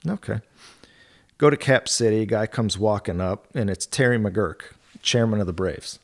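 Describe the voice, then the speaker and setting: Man, middle-aged, lowish voice, rambling storyteller, casual podcast chat. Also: moderate pace, gravelly. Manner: rambling anecdotes, quoting others, laughing. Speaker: golf club territory manager guest.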